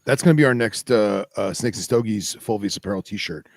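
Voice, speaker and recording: A man co-hosting a casual podcast, halting and often restarting his sentences. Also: lowish voice, no room sound. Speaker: podcast co-host. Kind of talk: casual chat.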